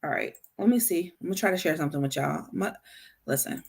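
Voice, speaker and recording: A woman hosting a casual talk on healthy communication, speaking straight to her listeners, animated and stumbling into frequent restarts and repeated words. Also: lowish voice, quick pace, creaky, husky. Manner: addresses listeners directly. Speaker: podcast host.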